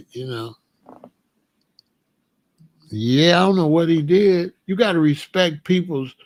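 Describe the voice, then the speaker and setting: This commentary channel host from Chicago speaks in a mid-range voice with no room sound. His monologue is loose and slangy, with frequent laughter and repeated points.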